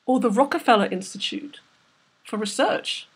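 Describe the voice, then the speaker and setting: A woman's voice: a little high, animated, normal speed, husky. A woman voicing a greedy, bossy older male fisherman who barks orders. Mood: scheming.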